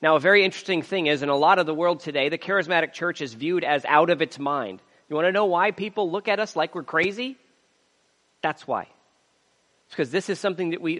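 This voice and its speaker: A man's voice: fairly high pitch, fairly bright tone, long reverb tail. A man preaching a sermon, reading scripture aloud and building emphasis as he goes. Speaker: pastor.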